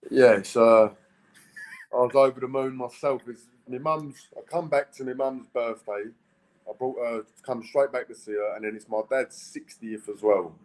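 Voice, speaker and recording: A man, a boxer talking plainly in a casual interview, blunt and halting, with restarts. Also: mid-range voice, fairly even intonation, darkish tone, low-quality recording. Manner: plain-spoken, few words, halting restarts.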